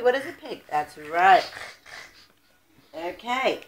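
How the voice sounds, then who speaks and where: A woman's voice: fairly low pitch, sing-song, measured pace, pauses often, roomy sound. A woman reading a picture book aloud to a toddler in a coaxing, sing-song voice with exaggerated baby talk. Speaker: parent.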